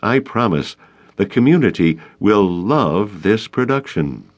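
A man's voice: lowish voice, lively intonation, measured pace. A man reading an audiobook, voicing a stubborn young male teacher who speaks firmly and reasonably. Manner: firm, reasonable.

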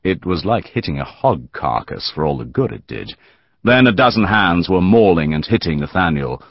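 A male audiobook narrator with a very deep, slightly husky voice, telling the story in a measured, dramatic way. His intonation rises and falls in lively swings. The close, dry recording sounds dull and lo-fi. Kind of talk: scripted narration of a historical novel.

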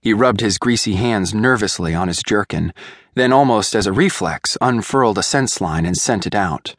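Deep-voiced man narrating an audiobook. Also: expressive, a bit bright, dry recording, studio quality. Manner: measured, deliberate storytelling. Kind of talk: scripted narration.

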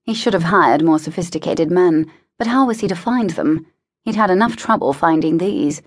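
A woman narrating a historical romance audiobook in a measured, even manner. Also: fairly low pitch, no room sound, clean studio sound. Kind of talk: scripted narration.

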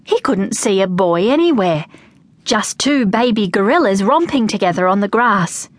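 A woman narrating a children's audiobook with lively, expressive storytelling. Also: medium pitch, moderate pace, no room sound.

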